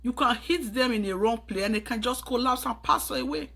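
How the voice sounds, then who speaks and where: A woman's voice: fairly high pitch, brisk, vocal fry, a bit bright. Earnest Nigerian woman giving advice. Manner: urgent, preachy, mixes in pidgin phrases. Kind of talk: earnest advice monologue to camera.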